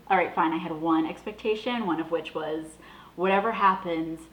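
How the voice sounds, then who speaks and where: Woman host from the Boston area, young adult, casual chat, chatty and gushing, slightly low voice, echoey room. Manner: chatty, gushing, animated with laughs. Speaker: vlog host.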